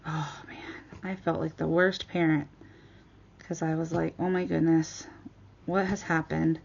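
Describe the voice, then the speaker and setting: A woman vlogger chatting casually as she crafts, retelling a story with lively quoted dialogue. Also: low voice, unhurried, vocal fry, breathy edge, dull audio.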